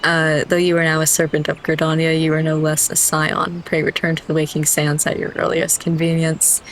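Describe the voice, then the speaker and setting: A woman's voice: low voice, monotone, normal speed, a little hiss or hum, natural voice, poor audio. A woman reading a gracious, formal young woman leader's lines aloud from a game, politely and evenly.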